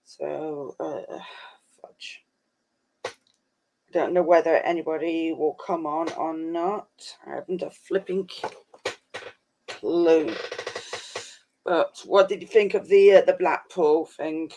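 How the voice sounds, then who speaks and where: Man, rambling live-stream chat, fairly high voice, phone mic. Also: steady tone, takes it slowly, vocal fry, pauses often, dark tone, a little hiss or hum. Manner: rambling, chatty, says "flipping" often.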